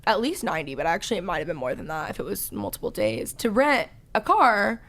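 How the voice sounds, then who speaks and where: A woman in her twenties from Texas with a Valley Girl accent, a podcast host chatting casually, loud and talkative, saying "like" a lot. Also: mid-range voice, very animated, quick pace. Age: 20s. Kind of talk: casual chat.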